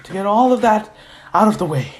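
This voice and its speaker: A man voicing a smug, unhinged male villain in a retold fan story, gloating and excitable. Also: sits high, fairly quick, voice pushed up. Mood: ranting.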